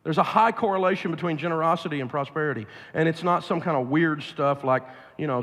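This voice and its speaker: A man's voice: fairly high pitch, fairly quick, few pauses, fairly bright tone. A man with a Southern US accent giving a blunt, emphatic, preachy money seminar to a live audience. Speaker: financial speaker. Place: large live event venue. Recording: long hall reverb from a large venue.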